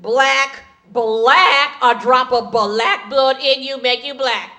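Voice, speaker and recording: A woman voicing a streetwise young woman fan who talks quickly and quietly in slang. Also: high voice, fairly even intonation, slight background noise, exaggerated voice. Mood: insistent.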